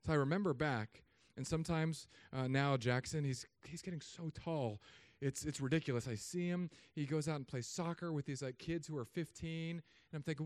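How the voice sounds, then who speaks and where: A man in his thirties, a pastor, preaching a sermon with humor and animated storytelling asides. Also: a little high, moderate pace, no echo.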